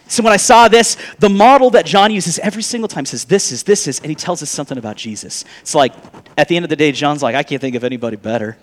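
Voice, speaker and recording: High-voiced animated male preacher. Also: long reverb tail. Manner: animated, swings between loud emphatic peaks and quiet asides. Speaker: pastor. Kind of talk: sermon.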